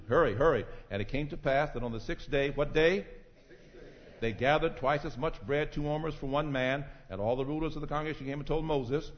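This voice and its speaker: Fiery preacher in an echoing church. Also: male voice. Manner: preaching, swings from low murmurs to shouted climaxes, calls on congregants by name. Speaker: pastor. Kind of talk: sermon. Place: church sanctuary. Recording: dull echoing church recording.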